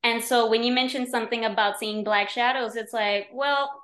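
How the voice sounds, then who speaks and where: A woman guesting on a podcast, talking in a casual, animated way with many fillers. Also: fairly high pitch, moderate pace, echoey room. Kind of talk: casual conversation.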